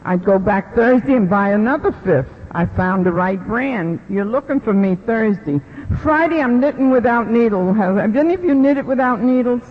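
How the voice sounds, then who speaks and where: A middle-aged woman gives an animated personal testimony at a recovery meeting, acting out the voices she quotes. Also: on the high side, moderate pace, few pauses. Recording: lo-fi recording in a reverberant hall.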